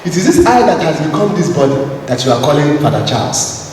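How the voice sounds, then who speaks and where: A man's voice: fairly high pitch, very animated, fast talker, a little mellow. A man from Nigeria, a Catholic priest, giving a spiritual talk to a gathering, telling a story and leading the audience in call and response. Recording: echoey hall, voice from far off, noisy.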